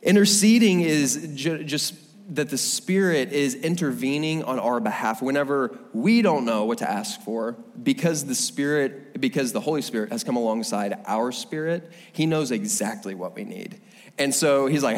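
A man preaching a sermon in a casual, animated storytelling way, often restarting his phrases. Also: medium pitch, moderate pace. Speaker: pastor. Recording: long hall reverb.

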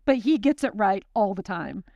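A woman's voice: mid-range voice, expressive, moderate pace, gravelly, a little mellow, no room sound, dull audio. A young woman teaching a Bible study, talking in a chatty, intense, self-deprecating way, then praying over the group. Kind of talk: sermon with closing prayer.

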